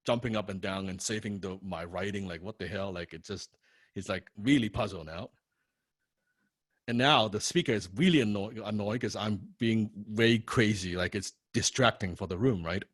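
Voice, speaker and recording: A man teaching a copywriting course, telling a personal story in an animated, profane way, often repeating words and tagging lines with "right?". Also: on the low side, no echo, clean studio sound. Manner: frequent rhetorical "right?". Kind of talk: personal story told in a lecture.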